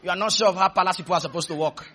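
A man preaching a sermon, leading call-and-response, breaking into shouts and drawing out words for emphasis. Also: high voice. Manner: slows to stretch words for emphasis.

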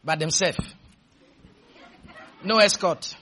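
A man preaching a sermon, leading the congregation in call-and-response with shouted refrains, then dropping into quiet, humorous storytelling. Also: high voice, slow.

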